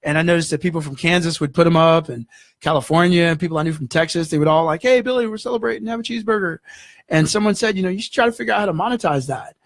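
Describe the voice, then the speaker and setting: A man, a guest in an interview, telling a story in an animated way and acting out the voices in it. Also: on the high side, racing, no room sound, clean studio sound. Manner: animated, acts out dialogue in the story.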